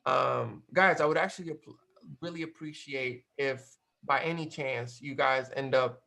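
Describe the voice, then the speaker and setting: A man from Cape Verde telling a story in a casual interview, animated and slangy, swearing freely. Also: medium pitch, gravelly, low-quality recording. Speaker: guest.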